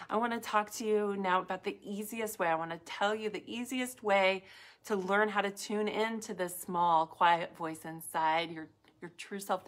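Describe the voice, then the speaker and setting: A woman talks slowly and gently to her viewers in a live talk, her pitch sitting at a middling level. She speaks in reflective, unhurried phrases, full of "like" and pauses, and at times drops almost to a whisper. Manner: soft, reflective, with frequent "like" and pauses. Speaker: wellness speaker.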